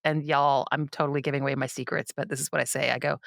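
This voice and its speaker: A woman co-hosting a comedy podcast, chatting playfully and jumping into silly voices for quick bits. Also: level tone, creaky, a bit bright, dry recording, studio quality. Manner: playful, trades lines and bits, sudden pitch jumps into silly voices. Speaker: podcast co-host, gigging singer. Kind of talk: casual comedic chat.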